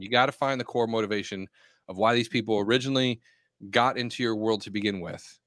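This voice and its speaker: A man's voice: lowish voice, steady tone, quick pace, fairly bright tone, dry recording. Man, real estate co-host, direct and matter-of-fact, dry close mic. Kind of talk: casual chat and advice.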